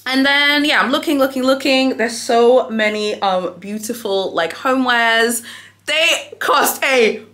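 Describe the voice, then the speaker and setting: A young adult woman telling a shopping story in a casual vlog, chatty and animated, calling viewers "honey", recorded in a hotel room without an external mic. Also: fairly high pitch, unhurried, few pauses. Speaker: luxury shopping vlogger.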